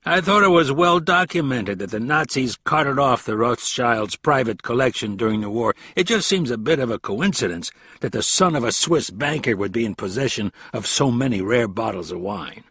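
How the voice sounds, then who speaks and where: A man's voice: medium pitch, lively intonation, moderate pace, few pauses, fairly bright tone, slightly rough. A man voicing a smug, wealthy American man with a slight New York accent, speaking in a pointed, edged way.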